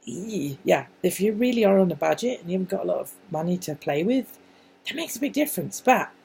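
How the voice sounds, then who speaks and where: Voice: mid-range voice, a little mellow, husky, low-quality recording. An English-accented adult vlogger talking casually in a wandering monologue, full of restarts and asides. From England.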